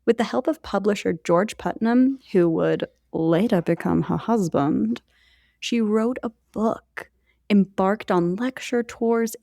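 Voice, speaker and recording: A woman's voice: mid-range voice, vocal fry, warm tone, no room sound, clean studio sound. A woman co-hosting a podcast, telling a history story in a chatty way with jokey asides to her co-host.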